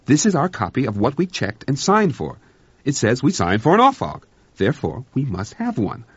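A man voicing a harried, exasperated ship's officer, insistent and brisk, on a dull, dry lo-fi recording. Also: mid-range voice, very animated, husky, no echo, pitched above the performer's own voice. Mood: shouting.

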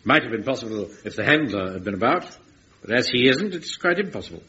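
An actor playing a pompous, blustering Home Guard captain in a vintage radio comedy. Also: male voice, medium pitch, very animated, fast talker, pushed and bright, slight background noise. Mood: exasperated. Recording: dull vintage broadcast recording.

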